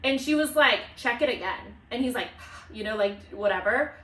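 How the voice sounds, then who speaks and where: A woman's voice: fairly high pitch, normal speed. A young woman co-hosting a podcast, telling stories with lots of swearing and acted-out quotes. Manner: animated storytelling, swears freely, acts out quotes. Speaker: podcast co-host. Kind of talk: casual chat. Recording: echoey room, mic at a distance.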